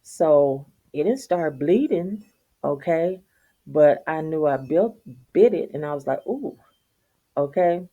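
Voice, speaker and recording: A woman's voice: deep voice, unhurried, warm tone, dull audio. A middle-aged woman, telling viewers a casual, profane story and laughing often. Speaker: vlogger.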